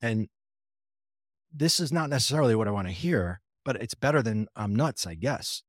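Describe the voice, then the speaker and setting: Male interview guest, mid-pitched, retelling his story casually with dry close sound. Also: animated, normal speed, no echo. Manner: conversational, retells dialogue, frequent restarts; wry, self-deprecating. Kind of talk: personal storytelling.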